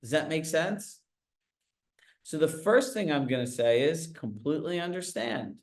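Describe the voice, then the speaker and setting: Male sales coach, fairly high voice, energetic, quizzes his group on a video call. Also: measured pace. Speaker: real estate sales coach.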